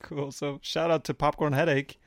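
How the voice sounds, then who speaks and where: A man co-hosting a podcast, rambling in casual banter with crude deadpan jokes. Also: fairly high pitch, normal speed, no room sound, studio quality. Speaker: podcast co-host.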